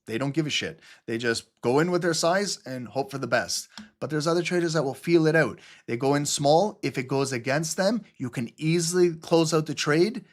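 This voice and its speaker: A man's voice: a little high, moderate pace. A man hosting a live trading stream in loose, casual commentary, chatty and prone to swearing and side jokes. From Canada. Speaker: trading livestream host.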